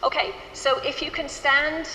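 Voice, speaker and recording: A woman's voice: sits high, little pitch movement, a little slow, bright, forceful tone. Upbeat woman choir director in echoey hall. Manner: encouraging, upbeat, chatty. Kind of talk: rehearsal instructions to a choir. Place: rehearsal hall. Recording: echoey hall with faint ambient noise.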